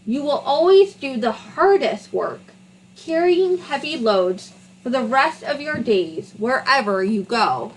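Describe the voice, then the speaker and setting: A woman's voice: high voice, expressive, takes it slowly, a little hiss or hum, poor audio. A woman voicing God, furious and stern. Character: furious booming God scolding a donkey.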